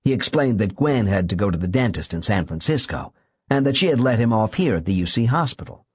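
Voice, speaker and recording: Husky low guy reading a novel, lively pitch, dry close mic. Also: a little fast, dry recording. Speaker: audiobook narrator. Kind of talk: scripted narration.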